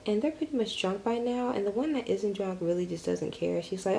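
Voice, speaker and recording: A woman's voice: mid-range voice, fast talker, creaky, warm tone, a little hiss or hum, low-quality recording. A young woman telling a story in a casual vlog, rambling with lots of fillers and the odd curse. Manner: rambling, filler-heavy retelling with lots of "like" and swearing. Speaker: vlogger. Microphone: camera mic.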